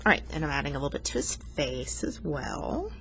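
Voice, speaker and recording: A woman's voice: a bass voice, very animated, a little fast, fairly bright tone, slight background noise. A woman art teacher talking students through a coloring lesson, patient and explanatory, teasing herself now and then.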